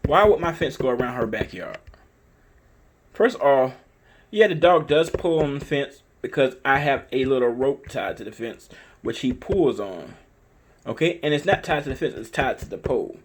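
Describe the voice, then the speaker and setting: A man, casually telling a story in a vlog, animated and emphatic, with lots of cursing and repeated phrases. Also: medium pitch, moderate pace, slight background noise. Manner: animated, profane, emphatic retelling; repetitive, conversational phrasing. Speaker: dog owner telling a story.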